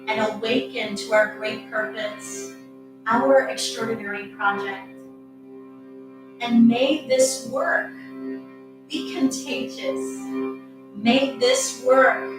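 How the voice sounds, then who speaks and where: A woman yoga teacher guiding a relaxation with soft, calm, encouraging cues. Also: a little high. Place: practicing at home. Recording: very echoey room, distant mic, music behind.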